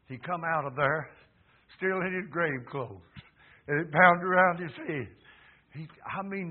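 Man in his 70s, preacher, emphatic sermon, raised pitch, tinny phone-like sound. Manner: emphatic, swings from low murmurs to loud fervent peaks.

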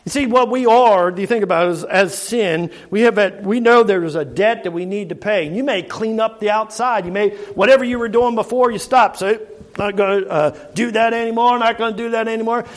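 A man's voice: high voice, fairly quick, few pauses. A middle-aged man preaching a sermon, earnest, asking the congregation rhetorical questions and often repeating and restarting phrases.

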